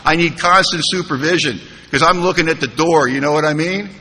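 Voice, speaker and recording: Bright-voiced man speaking in an echoey hall. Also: fairly high pitch, brisk, a little hiss or hum. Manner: humorous, animated storytelling with quoted dialogue. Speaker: recovery meeting speaker. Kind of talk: personal story told to a live audience. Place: large conference hall. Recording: live hall recording with reverb.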